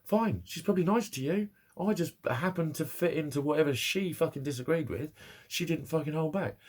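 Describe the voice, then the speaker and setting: A man's voice: fairly high pitch, a little mellow, husky. A man ranting angrily to camera about an online argument, swearing often and repeating himself in an agitated way. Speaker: vlogger. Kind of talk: angry personal rant to camera.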